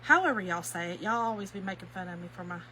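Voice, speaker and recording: Speaking fast and with lots of energy in a lowish voice, a Kentucky woman runs a chatty craft live stream, greeting viewers by name, reading their comments, and laughing easily. Her folksy, warm chatter is full of "y'all." The recording is low quality, with slight background noise.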